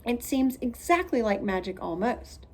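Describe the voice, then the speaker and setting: A woman's voice: on the high side, very animated, normal speed. Woman doing Sheldon, a scheming dramatic little boy. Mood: conspiring.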